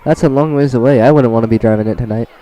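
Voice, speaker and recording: A man's voice: mid-range voice, racing, dark tone, a faint crowd, poor audio. A young man doing casual live play-by-play commentary at a wrestling match, laughing often and bantering between calls.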